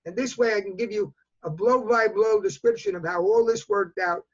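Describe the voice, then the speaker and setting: Older man, 80s, New York accent, repeats himself for emphasis; higher voice, muffled video call sound. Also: huge pitch swings, moderate pace, gravelly. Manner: emphatic, repetitive, talks in bursts. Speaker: interview guest. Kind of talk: remote news interview. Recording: dull lo-fi video call audio.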